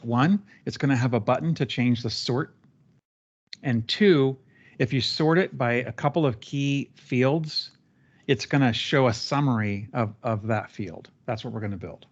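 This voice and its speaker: During a live screen-share software training session, a man leads a trainee through each step in a relaxed, chatty manner with plenty of fillers. His voice is medium-pitched, and the recording sounds muffled.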